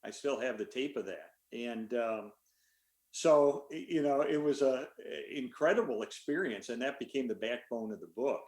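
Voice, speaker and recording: An older man, an author, answering a question in a relaxed story full of fillers over a video call. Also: mid-range voice, normal speed, echoey room. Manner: relaxed, rambling with many fillers. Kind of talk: conversational storytelling.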